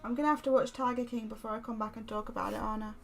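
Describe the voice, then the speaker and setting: Giggly woman host, a bit high, rambling chat, soft music faintly behind. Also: fairly even intonation, very fast, creaky. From Derbyshire, England. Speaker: livestream host. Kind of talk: casual livestream chat while stitching.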